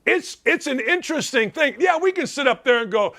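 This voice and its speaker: A man's voice: very high voice, lively intonation, a little fast, gravelly, few pauses, a bit bright. A middle-aged man hosting a sports talk show, ranting emphatically with rhetorical questions. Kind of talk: opinionated sports talk commentary.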